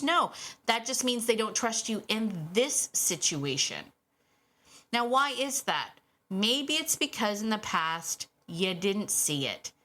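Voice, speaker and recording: A middle-aged woman chats through her solo podcast in a bright, clear voice. She is animated and casual, often acting out what dogs might be thinking and laughing as she goes. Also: fairly high pitch. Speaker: podcast host and dog trainer.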